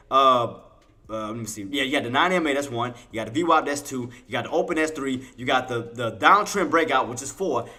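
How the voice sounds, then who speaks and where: A man with a fairly high, bright, forceful voice leads a live trading stream with intraday commentary. Casual and colloquial, he talks to chat as "y'all," says things repeatedly and quizzes his audience.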